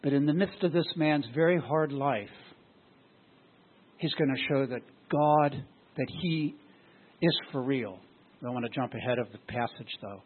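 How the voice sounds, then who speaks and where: A man's voice: mid-range voice, moderate pace, long pauses, a little hiss or hum. A man preaching a sermon as pastor, often throwing rhetorical questions at his congregation. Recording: tinny phone-like sound.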